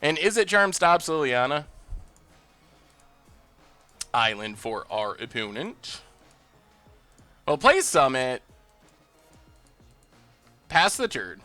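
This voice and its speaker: A man hosting a live game stream, thinking out loud about his plays and bursting into loud cheers when things go his way. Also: fairly high pitch, sing-song, takes it slowly, long pauses, no room sound, soft background music. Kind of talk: live gameplay commentary.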